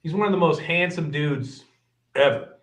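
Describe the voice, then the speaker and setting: A middle-aged man swapping kitchen war stories in loose, casual conversation. He swears constantly and slips into the voices of the chefs he remembers, keeping the talk lively. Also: fairly high pitch, normal speed. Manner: profane, animated, acts out quoted chefs. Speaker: guest chef.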